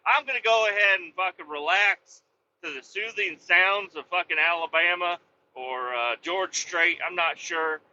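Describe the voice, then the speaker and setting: A man hosting a comedic rant, swearing constantly, mocking and shouting in bursts. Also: high voice, normal speed, highs cut off, slight background noise. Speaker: host.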